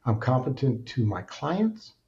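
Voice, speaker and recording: A man speaking as a podcast guest, telling his life story in an animated, emphatic way. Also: medium pitch, unhurried, vocal fry, highs cut off. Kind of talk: candid storytelling interview.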